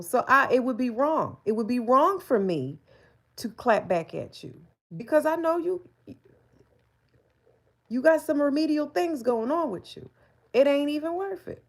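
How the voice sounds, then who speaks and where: A woman in her forties livestreams in a high, animated voice, speaking a little slowly. She chats candidly and laughs often in a casual live-stream conversation.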